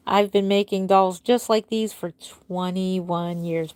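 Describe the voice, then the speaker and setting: A woman's voice: mid-range voice, normal speed, few pauses, no room sound. Chatty woman doll artist on a livestream. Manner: chatty, reads out and answers viewer comments. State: tired, yawning. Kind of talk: casual livestream chat.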